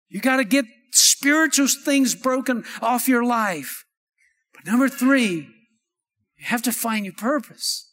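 Guy preaching, really high bright voice, big echoey church hall. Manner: preaching with call-and-response, repeated "amen" and "come on". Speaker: pastor. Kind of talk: sermon. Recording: long hall reverb.

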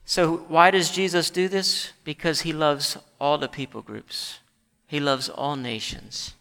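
A man preaching a sermon in a church, animated and rising to shouts when he quotes scripture. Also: fairly high pitch, unhurried, in a large hall. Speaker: pastor.

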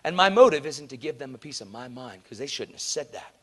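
A man preaching a sermon, telling a story in an animated, earnest, conversational way and acting out the people in it. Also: mid-range voice, a little fast.

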